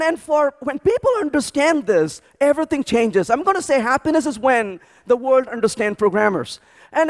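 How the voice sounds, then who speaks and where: Man, very high voice, conference speaker, animated storytelling, restarts a lot. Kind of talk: energetic tech conference talk. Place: large conference hall.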